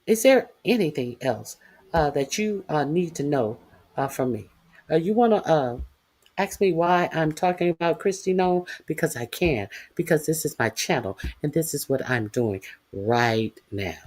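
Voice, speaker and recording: A livestream host giving news commentary in a taunting, profane way, filling pauses with constant "uh"s. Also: mid-range voice, animated, a little mellow. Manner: profane, taunting, heavy "uh" fillers. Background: reading chat comments.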